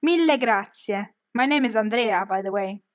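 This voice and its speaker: A woman's voice: mid-range voice, animated, normal speed, lightly acted. A woman reading an audiobook, voicing an easygoing young male Italian art student. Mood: friendly.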